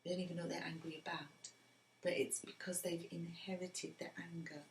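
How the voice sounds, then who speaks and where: Speaking a little fast in a lowish, level voice, a mother shares personal stories with her adult son during his interview. She is middle-aged and earnest, frequently sinking almost to a whisper, and the room sounds roomy with faint background noise.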